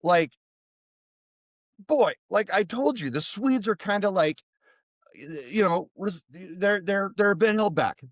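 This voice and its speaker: American dude rambling thru a story, animated, dry close mic. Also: male voice, sits high, measured pace, dry recording. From United States. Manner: rambling, animated, many restarts. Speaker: podcast guest, therapist. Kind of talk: casual storytelling.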